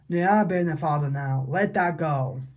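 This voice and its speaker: A man's voice: a little high, normal speed, a little mellow. A man vlogging an unscripted, rambling monologue to his father, repeating himself and asking pleading questions. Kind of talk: unscripted personal vlog monologue.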